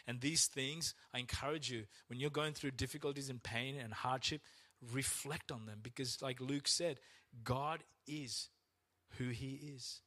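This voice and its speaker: A man preaching a sermon as pastor, acting out complaints to God in a raised, strained voice. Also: a little slow. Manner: animated, acts out complaints to God in a high strained voice.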